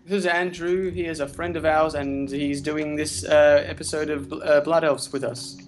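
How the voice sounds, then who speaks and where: A man's voice: fairly high pitch, little pitch movement, normal speed, a little hiss or hum. A young man co-hosting a gaming video, chatting casually in a dry, teasing way. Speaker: gaming channel co-host. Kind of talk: casual chat over gameplay.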